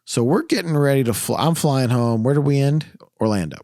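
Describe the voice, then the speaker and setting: A man's voice: medium pitch, expressive, a little fast, mellow, dry recording, studio quality. A man hosting a podcast in casual chat. He tells stories, laughs often and quotes people in his own voice. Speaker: podcast host.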